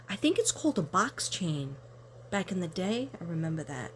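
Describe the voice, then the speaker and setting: An older woman chatting casually to her viewers while unboxing gifts, excitable and quick to gasp with delight. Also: mid-range voice, a little hiss or hum. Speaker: tarot reader and vlogger.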